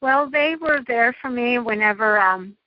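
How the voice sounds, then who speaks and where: High-voiced effusive middle-aged woman. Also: measured pace, dry recording. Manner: chatty, effusive, gushing. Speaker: guest. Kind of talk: casual interview chat. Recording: dull lo-fi dry line.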